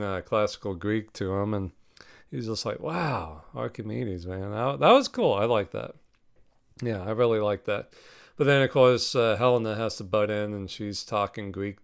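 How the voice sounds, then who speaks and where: A man's voice: lowish voice, smooth. A man hosting a podcast, reviewing a film in a casual, rambling, profane way with frequent laughs. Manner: profane, laughing, animated retelling.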